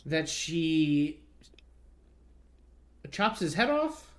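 A man's voice: a little high, very animated, drawn-out words. A man in casual chat, making wry, short remarks about a film.

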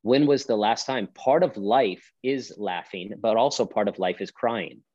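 A man's voice: on the low side, measured pace, darkish tone, no room sound, lo-fi sound. A man speaking as a pastor on a podcast, emphatic and preacherly, driving his point with rhetorical questions. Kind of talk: podcast conversation.

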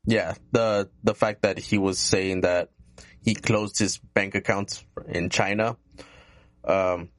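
Low-voiced plainspoken man. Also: fairly even intonation, slow, no room sound. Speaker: podcast co-host. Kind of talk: casual political chat.

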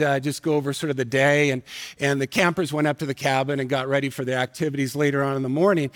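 A male pastor delivers a sermon in a fairly high voice, telling a personal story with earnest feeling. He drops softer and slower to drive points home. The sound carries a long reverb from a large church hall. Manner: earnest, emotional storytelling, slows and softens for emphasis. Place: church sanctuary.

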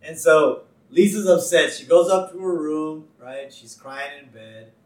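A man with a somewhat high voice chats casually on a podcast, laughing easily as he narrates scenes. He sits off the mic, and the room adds a noticeable echo. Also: unhurried, darkish tone, distant mic. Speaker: podcast co-host. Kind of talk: casual chat recapping a cartoon episode. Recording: roomy sound, a bit off mic.

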